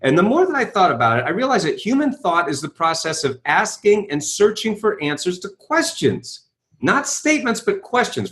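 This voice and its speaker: A man being interviewed tells his story with bursts of energy, acting out the voices he quotes. His voice sits high and swings widely in pitch. He keeps checking in with his listener. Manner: energetic, acts out quoted voices, repeats "right?". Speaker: guest author and speaker.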